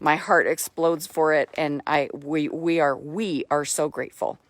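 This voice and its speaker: A woman giving a casual live video update about her horse, excitable and gushing, repeating herself, talking into a phone held close outdoors. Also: sits low, measured pace, dry recording. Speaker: horse owner vlogger.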